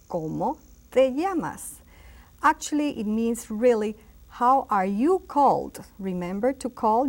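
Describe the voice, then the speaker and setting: A woman teaching a beginner lesson to children, patiently repeating phrases slowly. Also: medium pitch, a little mellow. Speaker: Spanish teacher. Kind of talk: instructional video lesson.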